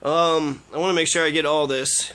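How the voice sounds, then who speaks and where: A man's voice: fairly high pitch, fairly even intonation, moderate pace, background noise. A man giving sarcastic political commentary, swearing heavily and trailing off into fillers as he rants. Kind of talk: profane ranting commentary on played clips.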